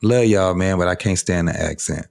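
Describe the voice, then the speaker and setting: Podcast co-host casting: gruff man with a low voice, blunt and profane reaction commentary. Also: moderate pace, a little mellow. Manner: blunt, cussing, ranting. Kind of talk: profane commentary over a clip.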